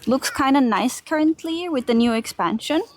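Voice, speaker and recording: Young finnish girl walking a park on stream, giggly, talks to chat, a bit high pitched. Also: expressive, moderate pace, slight background noise. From Finland. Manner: chatty, giggly, reads and answers chat while walking. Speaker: IRL streamer. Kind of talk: casual live-stream chat. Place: large park outdoors.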